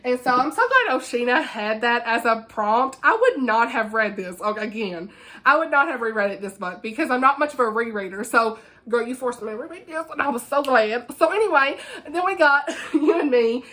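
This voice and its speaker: Gushy giggly woman talking books on her channel, bright voice. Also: fairly high pitch, lively intonation, fairly quick. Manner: chatty, gushing, giggly asides. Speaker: book vlogger. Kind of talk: casual book review chat.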